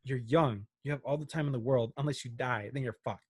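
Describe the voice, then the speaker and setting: A man's voice: mid-range voice, fairly quick, a little mellow, slightly rough, no room sound, studio quality. A young man co-hosting a casual podcast in a small room, joking and slangy. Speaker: podcast co-host. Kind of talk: casual chat.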